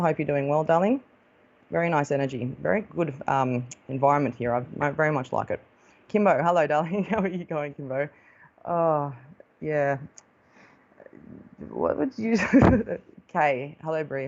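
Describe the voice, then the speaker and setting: A woman's voice: low-pitched, a little mellow, dull audio. An Australian woman hosting a live stream as a psychic medium, chatting casually and affectionately, calling viewers darling as she greets them.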